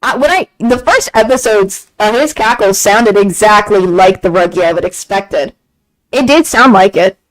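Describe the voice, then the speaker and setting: A woman streaming a game and chatting casually, gushing excitedly, repeating herself and laughing often. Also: medium pitch, normal speed, low-quality recording. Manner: excited gushing fan talk, frequent laughs and repeated phrases. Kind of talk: casual chat on a live stream.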